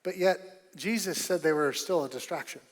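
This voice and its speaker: A man preaching a sermon as pastor, emphatic and repetitive, rising to loud bursts on key points. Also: on the high side, moderate pace, long reverb tail. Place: church auditorium.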